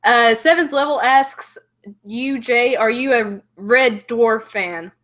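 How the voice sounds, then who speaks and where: Taking it slowly, a young Southern-accented host chats on a casual stream in a voice that's a little high and a bit bright. She laughs a lot as she goes through viewers' comments.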